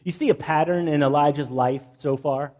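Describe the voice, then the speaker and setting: A male pastor preaching a lively, conversational sermon, joking with the congregation and acting out the people in the story. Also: fairly high pitch, moderate pace. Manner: acts out biblical characters in playful asides, jokes with the congregation.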